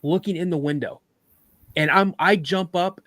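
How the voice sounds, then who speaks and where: A man telling a personal story on a live podcast, animated, acting out sounds and voices as he goes. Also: sits high, normal speed, no echo.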